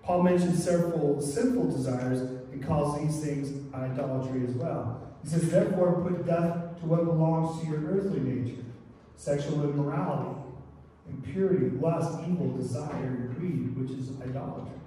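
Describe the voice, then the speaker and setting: High-voiced pastor preaching in an echoey hall. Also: male voice, normal speed, mellow, slight background noise. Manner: conversational, frequent "right?" asides. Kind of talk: sermon. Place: church sanctuary. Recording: echoey church hall from far off.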